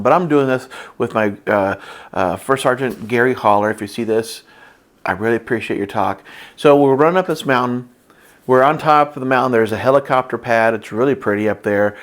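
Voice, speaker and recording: A middle-aged man hosting a talk on a business book, telling personal stories in a rambling, earnest way with many fillers. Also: mid-range voice. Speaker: channel host discussing a business book.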